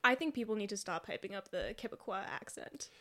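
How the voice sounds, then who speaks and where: Quick, lively woman co-host, casual banter. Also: medium pitch. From Canada. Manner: animated, quick to laugh. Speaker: podcast co-host. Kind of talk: casual chat.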